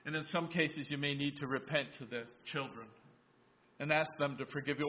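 A high-voiced man preaching a sermon in a church, recorded with a dull, lo-fi sound. He retells a Bible story in a conversational way and stops to ask the congregation questions. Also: normal speed. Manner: storytelling, voices biblical characters in asides. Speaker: pastor.

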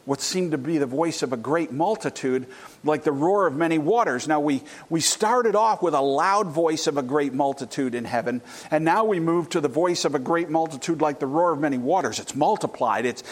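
A man preaching a sermon, swinging between loud exclamations and hushed, near-whispered reflection. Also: a little high. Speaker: pastor.

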